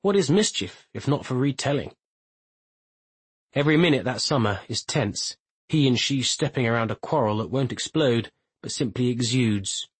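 A man narrates a literary novel in a measured, even reading. His voice is husky and sits at a middle pitch. The sound is close and dry. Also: no echo, low-quality recording. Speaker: audiobook narrator. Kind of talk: scripted narration.

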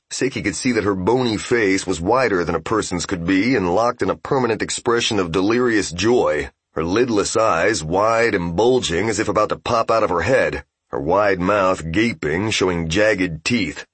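A man narrating a fantasy game novel as an audiobook, in steady, even storytelling. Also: low voice, moderate pace, breathy edge, no echo.

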